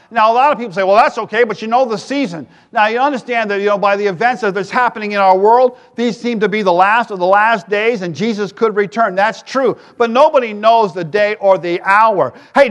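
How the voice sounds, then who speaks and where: A middle-aged male pastor preaching a sermon in a conversational, joking way, with loud emphatic peaks. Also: sits high.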